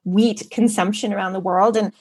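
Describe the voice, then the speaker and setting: A woman speaking as an author guest on a podcast interview, explaining things in a steady, informative way. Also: mid-range voice, moderate pace.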